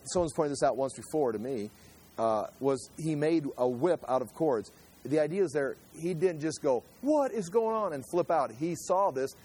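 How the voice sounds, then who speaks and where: A man delivers a sermon in an easy, conversational way, reading a passage and then unpacking it line by line. His voice sits a little high and carries a breathy huskiness. He slips into quoted voices to act out the scene. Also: a little mellow. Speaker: pastor.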